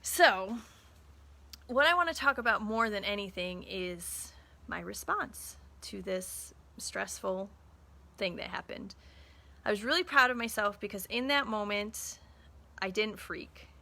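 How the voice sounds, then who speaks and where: A woman's voice: medium pitch, animated, measured pace, gravelly, pushed and bright. A woman in her thirties telling a story in a casual live talk to viewers, acting out bits of dialogue as she goes. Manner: chatty storytelling, acts out quoted dialogue. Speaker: small business owner and mother.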